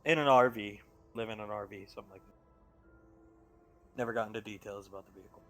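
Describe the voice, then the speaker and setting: A man's voice: fairly low pitch, quick pace, faint music behind. A man running a tabletop game as game master, matter-of-fact and listing details.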